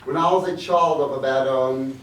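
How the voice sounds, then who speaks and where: In an echoey event hall, a rabbi recounts a story for his listeners, his mid-range male voice moving at a moderate pace. The tone is warm and reflective, dotted with Yiddish, and the distant mic picks up faint background noise.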